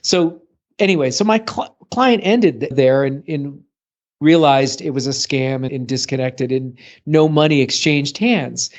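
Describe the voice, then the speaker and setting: Storytelling podcast man, dull lo-fi sound. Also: measured pace. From US Northeast. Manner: storytelling, acts out client's quotes with rising pitch. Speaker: podcast co-host, Apple consultant. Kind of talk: casual podcast chat.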